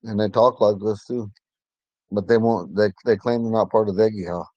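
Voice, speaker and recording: Low-voiced man teaching a language class. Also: moderate pace, dry recording, highs cut off. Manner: relaxed, rambling with many fillers. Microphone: phone.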